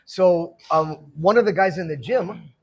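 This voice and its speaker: High, husky-voiced man telling stories. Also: measured pace. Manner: animated, laughs often while telling stories. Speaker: guest speaker telling his life story. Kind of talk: casual storytelling talk.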